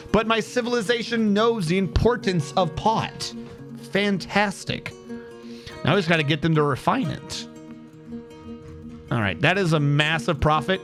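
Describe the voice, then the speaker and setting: Male streamer, a touch high-voiced, casual game commentary with wry asides, light music bed. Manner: wry, sarcastic asides while reading game text aloud.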